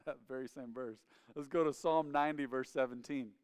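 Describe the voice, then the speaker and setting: A man's voice: medium pitch, fairly even intonation, fairly quick, clear, resonant tone. A man preaching a sermon as a pastor, with emphatic, repetitive phrasing. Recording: long hall reverb.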